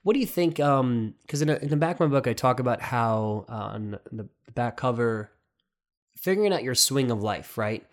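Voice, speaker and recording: A man's voice: mid-range voice, expressive, moderate pace. Rambling, reflective male interview host. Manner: reflective, rambling, with many asides. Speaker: podcast host and author. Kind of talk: casual interview conversation.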